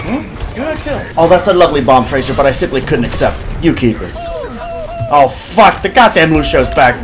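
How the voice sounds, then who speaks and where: A man trash-talks his way through a video game match in a loud, profane comic rant. His voice jumps all over its range as he swings into mock-whiny, theatrical bits. Music plays clearly behind him. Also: a little high, big pitch swings, brisk. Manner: loud, profane trash talk aimed at other players. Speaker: gamer playing and joking over his match. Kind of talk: comic gameplay commentary. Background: background music.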